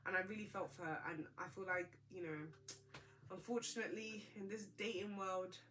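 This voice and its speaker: Chatty girl recapping reality tv, bright voice, big gossipy reactions. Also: mid-range voice, fairly even intonation, moderate pace, a little hiss or hum. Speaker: host.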